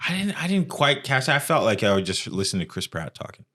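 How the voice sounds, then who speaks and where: A man co-hosting a podcast in casual chat, talking slowly and trailing off into low asides. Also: big pitch swings, pushed and bright. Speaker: podcast co-host.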